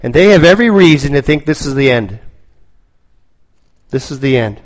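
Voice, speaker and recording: A man preaching a sermon, telling a story slowly and dramatically, with lots of repetition. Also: medium pitch, animated, rough recording.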